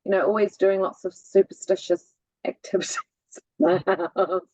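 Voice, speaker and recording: A woman's voice: medium pitch, moderate pace, no room sound, low-quality recording. Musical-voiced woman telling stories. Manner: lively storyteller with a musical cadence. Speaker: guest. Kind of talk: casual chat.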